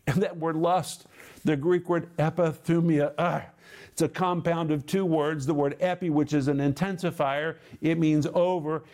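A man preaching a Bible lesson with a slightly higher-than-average voice. He speeds through some phrases, then slows way down to lean hard on key words. His delivery is emphatic and insistent. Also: darkish tone. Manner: emphatic, sweeping shifts from quick bursts to slow drawn-out stresses. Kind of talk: televised Bible teaching.

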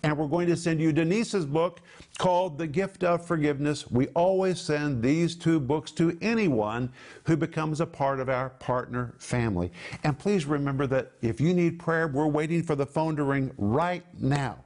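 A middle-aged man giving an emphatic, measured televised Bible teaching. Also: a little high, a little mellow. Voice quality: emphatic, measured preaching delivery.

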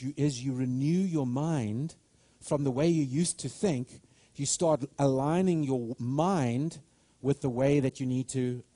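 A man's voice: medium pitch, dark tone, no echo. A middle-aged man preaching a sermon with fervent delivery, often repeating and restarting words as he builds momentum.

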